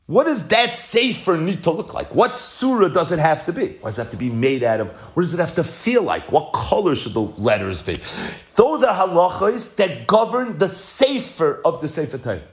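A man teaching a Talmud lesson, chanting the Hebrew texts in a study-hall singsong and explaining them in English with rhetorical questions. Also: on the high side. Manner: animated, uses rhetorical questions.

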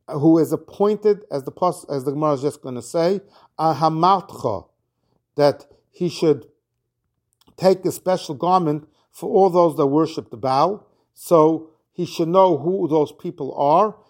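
A man's voice: on the high side, darkish tone. Man explaining a Talmud lesson. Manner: reads Aramaic phrases then explains them, with restarts. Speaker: Talmud teacher. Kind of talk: Talmud lesson, translating Aramaic into English.

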